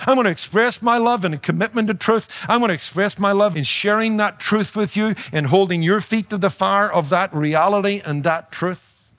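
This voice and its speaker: A man preaching with a fairly high voice and a noticeable accent that is not local to his listeners. He leans hard on key words and throws rhetorical questions at the congregation, with touches of humor. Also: normal speed, fairly bright tone. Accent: non-native to his audience, noticeable. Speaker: pastor and radio preacher. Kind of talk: sermon.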